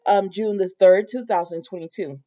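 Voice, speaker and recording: A young woman hosting a casual soap opera recap, animated and opinionated as she talks straight to her viewers. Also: medium pitch, moderate pace. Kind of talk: casual chatty episode recap. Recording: dull lo-fi home video audio.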